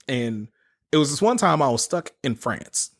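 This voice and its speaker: A man in his thirties hosts a podcast, telling stories casually, swearing freely and laughing between phrases. He has a sing-song, mid-range voice with vocal fry and a moderate pace.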